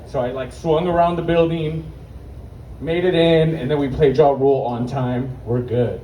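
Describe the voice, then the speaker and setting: Brash, profane stand-up stories come from a young man performing at an outdoor market's open mic, sometimes out of breath. His fairly high, dark-toned voice keeps fairly even intonation at normal speed, in a distant, echoey recording with faint noise.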